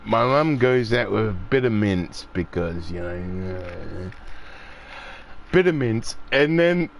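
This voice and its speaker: Gravelly Australian man rambling. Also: medium pitch, slight background noise. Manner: swears freely, acts out voices when telling stories. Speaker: gaming streamer. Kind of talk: rambling casual chat.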